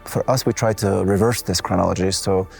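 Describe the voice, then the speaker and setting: A man who is an artist presenting his collective's exhibition, walking listeners through the works in a measured, explanatory way with occasional restarts. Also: sits low, steady tone, gravelly, darkish tone, faint music behind. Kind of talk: gallery walkthrough talk. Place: art gallery.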